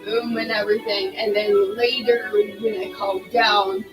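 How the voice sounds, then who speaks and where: A woman's voice: medium pitch, steady tone, measured pace, low-quality recording. A woman commenting casually on a video game as she plays, chatty and rambling with self-deprecating asides. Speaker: gaming streamer. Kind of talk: casual let's-play commentary. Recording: voice over game music. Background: game music.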